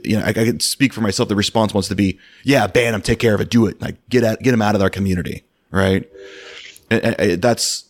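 A man hosting a podcast in casual chat, measured, circling his point with many fillers and restarts. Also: fairly low pitch. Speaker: podcast host.

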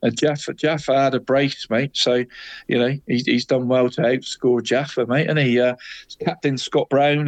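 A man's voice: a little high, no room sound. Chatty man reading results. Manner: chatty, says "mate" constantly, laughs at own slips. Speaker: football radio co-host. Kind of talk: casual sports results chat.

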